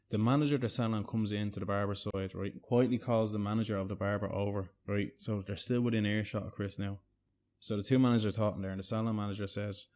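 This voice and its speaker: A man telling a prank story casually, rambling and checking in with "right?" and a bit of swearing. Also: lowish voice.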